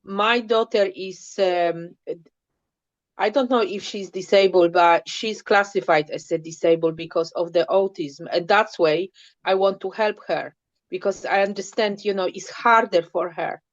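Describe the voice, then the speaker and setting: A woman's voice: mid-range voice, measured pace, no room sound, lo-fi sound. Hesitant woman asking a question. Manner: hesitant, searching for words. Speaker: workshop participant. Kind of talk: halting question to host.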